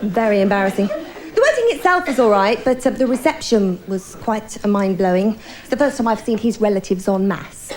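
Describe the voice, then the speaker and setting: A woman's voice: medium pitch, expressive, brisk, noisy background. A middle-aged woman performing a stand-up comedy routine, telling bawdy stories in a chatty way and talking straight to the crowd.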